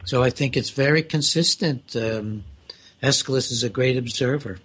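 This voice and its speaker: A man with a husky voice explains with care, pausing often with small fillers as he builds his points. His tone stays even and thoughtful as he answers a colleague. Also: mid-range voice. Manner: measured and explanatory, with filler pauses. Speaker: mental health expert. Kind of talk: conversational discussion.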